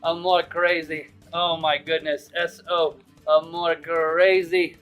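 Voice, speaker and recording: A man's voice: on the high side, little pitch movement, slow pace, a bit bright, smooth, faint music behind. A man hosting a live stream, chatting in a casual, upbeat and jokey way as he greets viewers by name.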